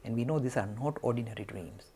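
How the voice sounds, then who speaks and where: A man giving a spiritual talk, telling a story in an animated way and acting out the quotes. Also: mid-range voice, fast, a little hiss or hum. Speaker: lecturer.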